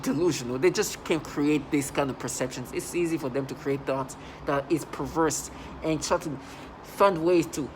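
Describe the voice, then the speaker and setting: A man talking in a rambling vlog monologue, halting and restarting, with sudden loud agitated outbursts. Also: a little high, a little hiss or hum, rough recording. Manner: halting, many restarts and fillers. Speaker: vlogger.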